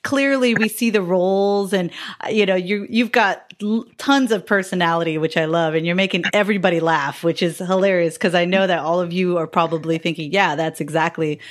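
A woman's voice: on the low side, fairly even intonation, a little fast. A woman hosting a casual interview, encouraging and enthusiastic toward her guests. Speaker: host.

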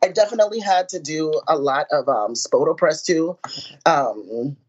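A woman powerlifter talking in a casual interview, animated and self-mocking, laughing as she tells stories. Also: deep voice, normal speed, slightly rough. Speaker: powerlifter guest. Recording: muffled lo-fi audio.

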